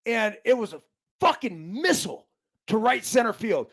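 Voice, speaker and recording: A man's voice: high-pitched, sing-song, moderate pace, a bit bright. Rambling profane ex-ballplayer man. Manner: rambling, profane, restarts a lot. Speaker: podcast co-host, former baseball player. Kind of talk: casual sports chat.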